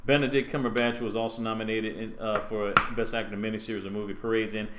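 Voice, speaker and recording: A man's voice: lowish voice, little pitch movement, fast, roomy sound, very noisy. Rambling male talk radio host. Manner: rambling, hesitant with many uhs. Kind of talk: casual talk radio chat.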